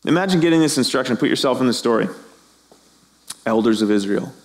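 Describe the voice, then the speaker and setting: A middle-aged pastor delivers an animated sermon to his congregation, briskly, in an ordinary middle pitch. He slips into the voices of the people in the story.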